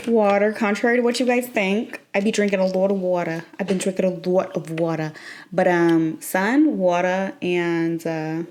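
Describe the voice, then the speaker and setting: A woman's voice: mid-range voice, normal speed, darkish tone. A young woman chatting casually in a late-night vlog, rambling and playful, breaking into squeals and laughter. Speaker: vlogger.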